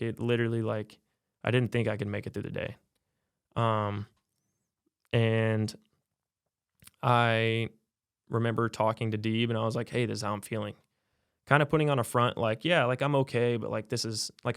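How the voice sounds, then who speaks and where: A young man, a college athlete, telling a personal story in a podcast interview, soft-spoken and halting with many fillers. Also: lowish voice, vocal fry, smooth, dry recording, studio quality. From United States. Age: young adult. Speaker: college basketball player, podcast guest. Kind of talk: personal testimony in a podcast conversation.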